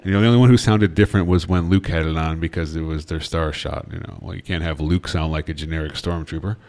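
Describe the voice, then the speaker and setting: A man with an extremely low, darkish voice co-hosts a podcast, speaking fast in a steady tone. He chats casually and rambles, with lots of fillers and restarts.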